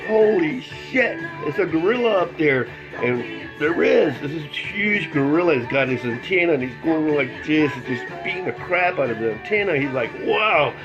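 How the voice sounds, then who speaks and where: Rambling man telling a joke, lo-fi. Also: fairly high pitch. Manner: rambling, acts out voices, laughs at own jokes. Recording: dull lo-fi recording with music. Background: music.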